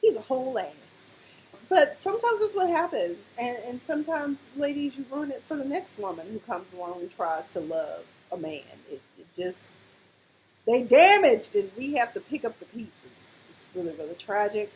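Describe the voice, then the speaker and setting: A woman with a slightly higher voice gives a casual, chatty review of a TV drama. She throws herself into quoting the characters, shifting her delivery as she plays each one. A faint background hum sits under her voice. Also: moderate pace, poor audio. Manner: animated, acts out characters' lines in quotes. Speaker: TV recap vlogger.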